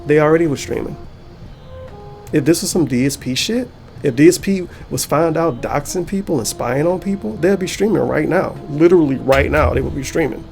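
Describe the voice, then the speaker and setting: Male YouTuber, gravelly, fired-up reaction rant, heavy profanity. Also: a little high, darkish tone. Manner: heated, profane ranting. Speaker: YouTuber and streamer. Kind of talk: angry reaction commentary.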